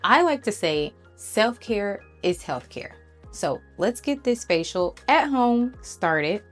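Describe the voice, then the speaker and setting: A woman vlogger talking to her viewers, telling a story in a casual, animated and encouraging way. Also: mid-range voice, slow pace, faint music behind.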